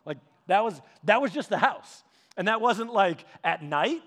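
This storytelling sermon is preached by a middle-aged pastor whose voice is high-pitched and unhurried. Animated and humorous, he shares family stories, laughing as he goes and frequently starting sentences over.

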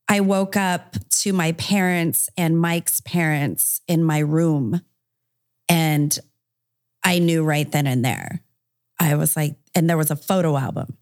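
A woman's voice: sits low, darkish tone, no room sound, clean studio sound. A woman guest on a podcast interview, recounting a personal story in a candid, conversational way, often using fillers.

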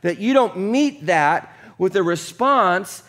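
A man preaching a conversational sermon, casual and chatty, often checking in with the congregation and dropping low and quiet for earnest points. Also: lively intonation, slow. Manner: casual and chatty, with frequent "like" and "right?". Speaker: pastor.

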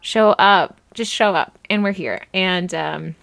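A woman's voice: lowish voice, slow, creaky, fairly bright tone, no echo. A woman in her thirties co-hosting a podcast in casual chat, bubbly and rambling with frequent giggles. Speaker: podcast co-host.

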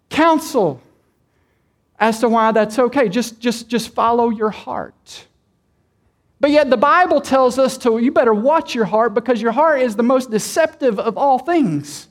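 A male pastor preaching a sermon in a church, addressing the congregation with direct questions and stretching and repeating key words for emphasis. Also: very high-pitched.

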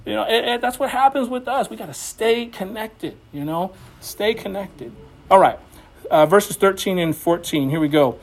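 A pastor with a notably high voice preaches a conversational sermon in his church building at normal speed. His manner is loose and folksy, with "you know" sprinkled throughout as he moves from chatty remarks into scripture reading.

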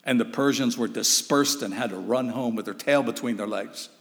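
A man's voice: medium pitch, normal speed. A man preaching a sermon, emphatic and urgent, putting rhetorical questions to his listeners. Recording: long reverb of a hall.

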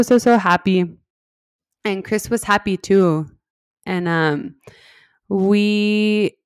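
A young adult woman with a smooth, medium-pitched voice shares her birth story on a podcast, with no room sound audible. The telling is casual and chatty, sprinkled with "like," laughter, and animated quoted speech.

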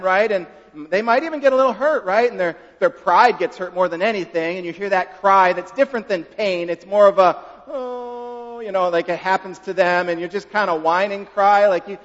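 A man preaches in a high, light voice, chatting with his congregation as much as teaching them. He keeps turning to his listeners with quick questions. The recording is dull and muffled, with a long hall echo trailing each phrase. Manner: conversational, folksy, asks the listeners questions. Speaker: pastor. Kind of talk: sermon. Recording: dull reverberant hall sound.

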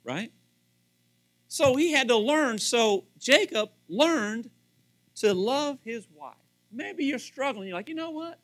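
A man's voice: very high-pitched, slow. A middle-aged male pastor preaching a sermon, acting out little scenes and repeating phrases for emphasis. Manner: animated, acts out dialogue, repeats phrases for emphasis.

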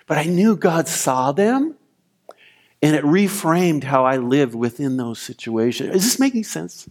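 A man preaching a sermon as pastor, retelling scripture and a personal story with animated storytelling. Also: fairly high pitch, a little slow. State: weeping, choked voice in retold prayer.

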